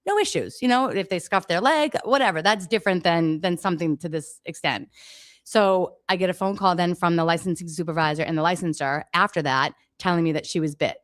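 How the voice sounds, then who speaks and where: A woman's voice: fairly low pitch, brisk, no echo, clean studio sound. A middle-aged woman, a daycare owner, telling her story on a radio interview in an emphatic, exasperated way, acting out the exchanges.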